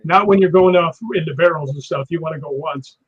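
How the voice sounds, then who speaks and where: A man, a stunt performer guest, telling lively anecdotes and acting out crashes with sound words like boom and whap, with a husky voice. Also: fairly quick. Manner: animated, acts out impacts with sound words. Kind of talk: anecdotal storytelling on a live show. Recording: dull lo-fi sound.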